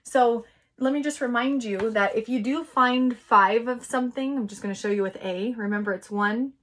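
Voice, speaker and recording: A woman teacher giving a recorded lesson to young children, patient and encouraging, sounding out words slowly. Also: a little high, fairly bright tone.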